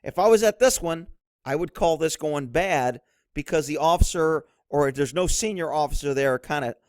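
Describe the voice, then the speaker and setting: High-voiced blunt male commentator. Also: normal speed, dry recording, studio quality. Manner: blunt, instructive, drops low to mimic others. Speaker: commentator, former police officer. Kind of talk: commentary over police footage.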